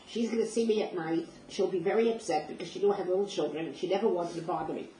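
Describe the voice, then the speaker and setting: A woman's voice: fairly low pitch, fast talker, mellow. An older woman recounting personal memories as a vivid, emotional first-person story, acting out the dialogue. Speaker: speaker sharing personal memories. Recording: roomy distant mic with faint noise.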